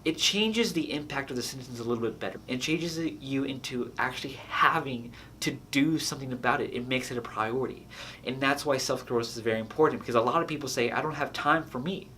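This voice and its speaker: Brief: earnest male motivational speaker, casual delivery, repeats phrases, mid pitch. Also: a little fast, sharp tone, slight background noise. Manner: earnest, repeats phrases, laughs at own jokes. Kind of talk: casual motivational talk to camera.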